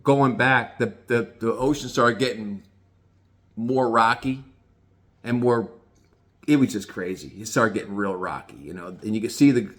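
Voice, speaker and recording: A man's voice: on the low side, measured pace, a bit bright. A man casually telling a rambling, profane story, often restarting his sentences.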